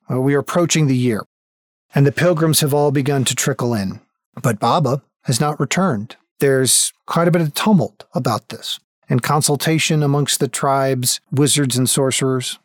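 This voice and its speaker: A man narrating a tabletop game as game master, telling the story in an unhurried, descriptive way. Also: medium pitch, no echo, clean studio sound.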